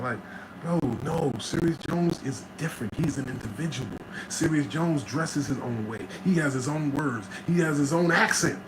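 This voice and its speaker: An animated man tells stories in loose slang as an interview guest, often tossing in a quick "right?" His voice sits a little on the high side. A clear wash of background noise runs under the recording. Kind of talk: casual storytelling chat.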